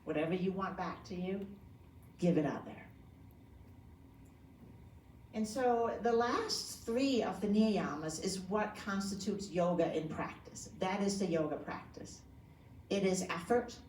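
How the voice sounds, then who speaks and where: A woman's voice: medium pitch, unhurried, long pauses, darkish tone, slight background noise. A woman yoga teacher giving a conversational talk to a group, often asking them questions. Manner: conversational, asks the audience questions. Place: community room. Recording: echoey room from a distant mic.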